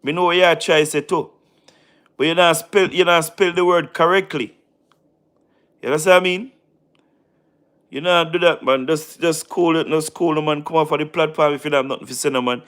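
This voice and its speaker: Hosting a casual live stream, a tired Jamaican-accented man speaks briskly in a slightly high, somewhat bright voice with a steady tone and frequent pauses. He mixes in patois, repeats phrases and addresses chatters by name.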